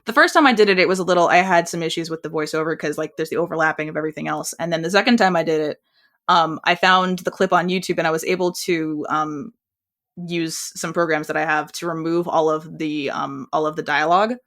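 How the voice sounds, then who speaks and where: Chatty woman podcaster, rambling and animated. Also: deep voice, fast talker. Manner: rambling, animated, trails off mid-sentence. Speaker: podcast co-host. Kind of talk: casual chat.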